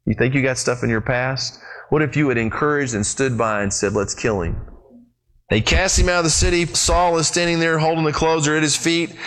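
Animated man preaching a sermon. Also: a little fast. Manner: animated storytelling with big pitch swings; addresses the congregation directly. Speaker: pastor.

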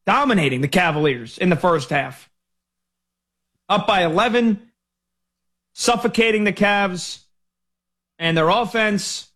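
Fired-up male sports radio host. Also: sits high. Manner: animated, exasperated ranting.

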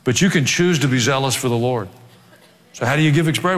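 A man's voice: mid-range voice, fast, fairly bright tone. A male pastor preaching a sermon, swinging between joking asides and emphatic exhortation. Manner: humorous asides, emphatic rising delivery. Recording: long hall reverb.

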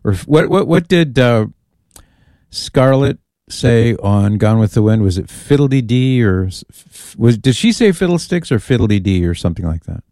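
A man's voice: mid-range voice, big pitch swings, normal speed, mellow, no room sound, clean studio sound. A man hosting a radio call-in show, trading folksy jokes with callers and his co-host in casual on-air banter. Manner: folksy, joking, takes calls and chats with his co-host. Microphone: studio microphone.

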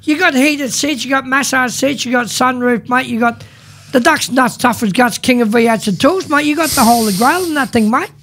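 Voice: high voice, normal speed, a bit bright. A radio co-host chatting casually, rambling and repeating his words.

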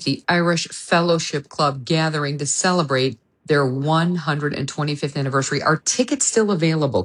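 A woman hosting a radio interview, effusive and chatty with her guest. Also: sits low. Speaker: radio talk show host.

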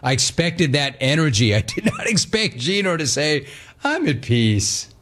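A man hosting a sports talk radio show, animated and mocking, repeating himself for emphasis. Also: fairly high pitch, normal speed.

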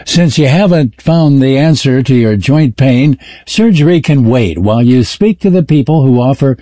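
A man reading radio station announcements and a medical ad in a smooth, persuasive delivery. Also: mid-range voice, animated, moderate pace, dark tone, dry recording, clean studio sound.

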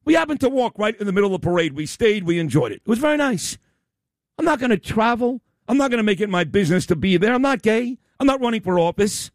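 A man hosting a talk radio show, ranting loudly and bluntly with profanity in a combative opinion segment. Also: high voice, lively intonation, fast talker, no echo, clean studio sound.

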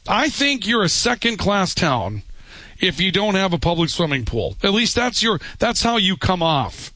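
A man's voice: high-pitched, sing-song, normal speed, sharp tone, dry recording. A man hosting a talk radio show, giving blunt, opinionated takes and reading out listener texts. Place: radio studio. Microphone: studio microphone.

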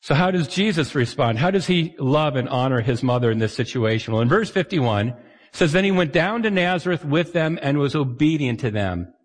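A man's voice: fairly high pitch, lively intonation, brisk, in a large hall. A man preaching a sermon as a pastor, chatty and wry, acting out the voices he quotes.

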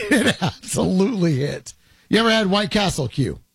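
A man hosts a laid-back podcast chat, his voice pitched high and swinging widely. He jokes and teases his co-hosts in animated banter, with a husky edge on a dry, close recording. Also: normal speed, no room sound. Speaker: podcast host. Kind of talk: casual chat.

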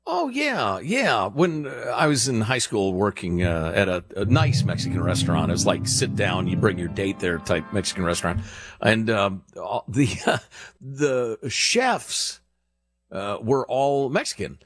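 A man's voice: on the low side, sing-song, unhurried. A man in his sixties, a radio talk show host telling a rambling story with lots of fillers in casual on-air banter.

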